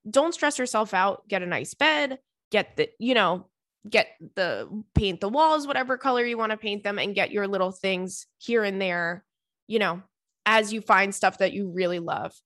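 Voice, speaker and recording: A woman's voice: mid-range voice, expressive, moderate pace, fairly bright tone, dry recording, studio quality. A woman hosting a casual advice podcast, talking candidly with plenty of fillers and swearing freely. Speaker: podcast host.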